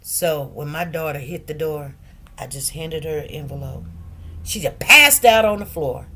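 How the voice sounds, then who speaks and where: A middle-aged woman talking casually on a livestream, telling stories with lively, preacherly emphasis that drops quieter when she turns serious. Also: deep voice, moderate pace. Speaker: livestream host.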